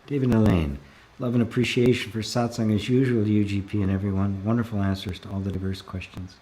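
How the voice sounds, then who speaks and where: A man leading a live spiritual Q&A, reading out viewer comments and answering in a calm, reflective way, slowing down to stress key words and laughing softly now and then. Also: on the low side. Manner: calm, reflective, often slows to stress a word. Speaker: spiritual teacher.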